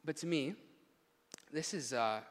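A man preaching a sermon in a church hall, animated and emphatic, with frequent restarts. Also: fairly high pitch, measured pace. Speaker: pastor.

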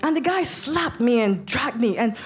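A woman's voice: a little high, expressive, normal speed, faint music behind. A woman preacher telling her testimony in a sermon, dramatic and vivid, with sudden emphatic bursts. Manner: speaks in tongues.

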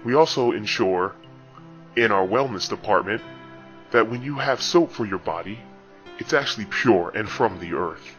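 A smooth, low-pitched male announcer, as a man puts him on for a spoof grocery commercial, stretching his words in a slow sales pitch. The sound is dull and lo-fi with music playing underneath. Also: expressive, a bit bright. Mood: salesy. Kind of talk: mock commercial voice-over.

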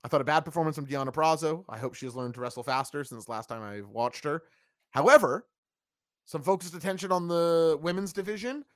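Guy hosting a wrestling review stream, blunt takes, slightly high voice, dry close sound. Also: brisk, no room sound. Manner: blunt, opinionated, reads chat comments aloud. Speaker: wrestling review podcast host. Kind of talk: casual live review chat.

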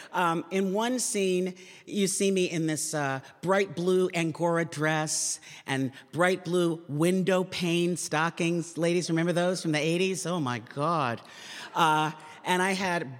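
A woman in her sixties, a comedian giving an animated, chatty storytelling talk to an audience in a lecture hall. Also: lowish voice. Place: lecture hall at a public forum. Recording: reverberant hall sound.

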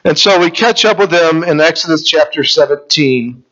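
A man's voice: on the high side, moderate pace, a bit bright. Man preaching a sermon, muffled audio. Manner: preaching with rising rhetorical questions, reading scripture aloud. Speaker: pastor.

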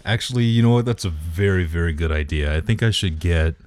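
A man's voice: low-pitched, a little fast, a little mellow, no echo. A man co-hosting a podcast in casual chat, teasing and nitpicking about beer. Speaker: podcast co-host.

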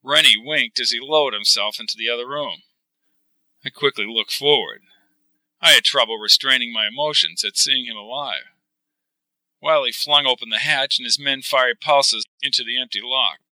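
A man reading a science fiction novel aloud, with steady, even storytelling. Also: mid-range voice, moderate pace, no room sound, rough recording. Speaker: narrator.

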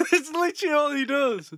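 Guy laughing and swearing through a podcast rant, bright voice. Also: extremely high pitch, moderate pace, vocal fry, no room sound, studio quality. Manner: sweary, laughs a lot, ranting. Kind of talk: casual chat.

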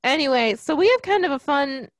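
A woman's voice: high-pitched, animated, brisk, dry recording. A woman co-hosting a podcast in casual chat, joking and wry as she talks. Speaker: podcast co-host.

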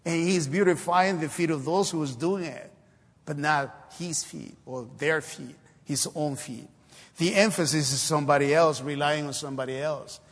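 This preacher's voice is a little high and moves at a moderate pace. His sermon stumbles along with many fillers before bursting into emphatic exhortations, and the church recording carries a long hall reverb.

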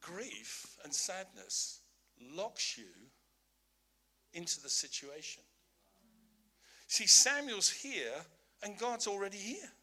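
A man's voice: sits high, sing-song, slow pace, long pauses, sharp tone. A man preaching a sermon, emphatic, repeating his key lines, with humorous asides.

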